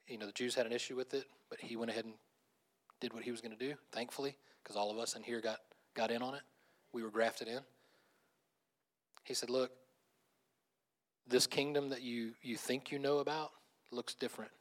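A man preaching a conversational sermon as pastor, animated, laughing often and restarting phrases. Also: mid-range voice, fairly quick, long pauses.

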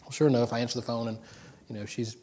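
A man's voice: mid-range voice, flat delivery, quick pace, mellow, slight background noise. A middle-aged man preaching an informal sermon, telling personal stories in a rambling way with many restarts. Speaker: pastor.

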